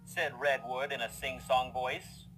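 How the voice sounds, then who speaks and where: A man's voice: medium pitch, steady tone, a little slow, poor audio. Man narrating a story over music. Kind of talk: fanfiction reading narration. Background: background music.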